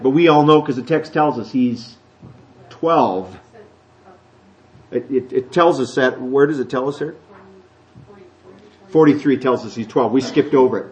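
Chatty pastor, lo-fi recording. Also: male voice, mid-range voice. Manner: conversational, animated, acts out children's voices. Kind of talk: sermon. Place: church. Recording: dull lo-fi church recording.

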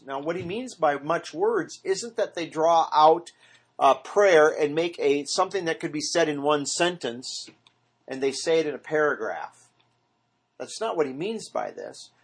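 A man earnestly leads a small Bible study, often putting questions to the group and imitating repetitive praying. His voice is a little high with a breathy edge.

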